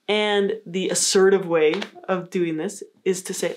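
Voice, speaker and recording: A woman psychologist giving a calm, encouraging educational talk, acting out example phrases in a lighter voice. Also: mid-range voice, normal speed, few pauses, slight background noise. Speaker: psychologist teaching a course. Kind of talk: scripted educational explainer.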